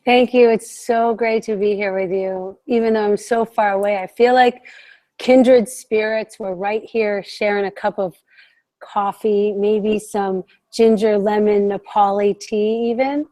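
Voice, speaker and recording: A woman's voice: mid-range voice, steady tone, measured pace, warm tone. A woman from the United States, a mental health counselor, speaking as a podcast guest in an enthusiastic, reflective way. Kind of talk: casual podcast conversation.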